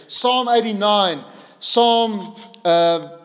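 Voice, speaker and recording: Man, preacher, sermon, high voice, earnest, long hall reverb. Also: lively intonation, a little slow. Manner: earnest, rises in pitch and volume for quoted pleas.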